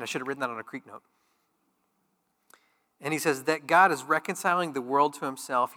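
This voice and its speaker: A man preaches a sermon with a bright, forceful, fairly high voice. He moves between conversational stretches and loud, emphatic peaks. The sound carries a long reverb from a church hall. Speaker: pastor.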